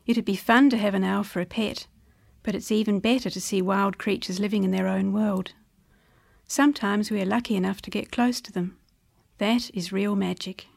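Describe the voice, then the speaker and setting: Gravelly woman talking about owls. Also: mid-range voice, fairly even intonation, normal speed, no room sound. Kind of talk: reflective talk to children.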